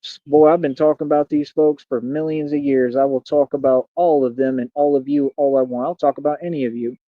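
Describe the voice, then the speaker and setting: Talking fast on his livestream, a man in his thirties who hosts streams and a radio show boasts and lashes out at his critics. His medium-pitched delivery is fairly even, and the audio is phone-quality with no room sound.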